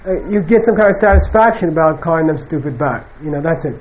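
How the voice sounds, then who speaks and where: Male Buddhist teacher, higher pitched, loose and animated lecture delivery. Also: fast talker, lo-fi sound, a little hiss or hum. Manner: conversational, animated, acts out quoted people. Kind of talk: casual spoken dharma lecture.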